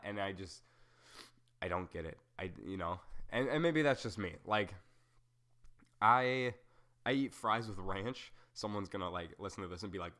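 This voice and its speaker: A young man hosting a solo podcast speaks on the low side, with lively intonation, a normal pace, and a fairly bright tone. His casual talk is rambling and self-mocking, scattered with fillers and side tangents.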